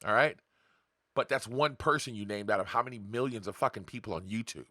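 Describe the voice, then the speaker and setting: Brief: casual male podcast host, blunt and profane, bright forceful tone, dry close sound. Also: lowish voice, a little fast, no echo. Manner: blunt, profane, talks straight to viewers with rhetorical questions; acts out voices of others in quotes. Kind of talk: casual unscripted monologue.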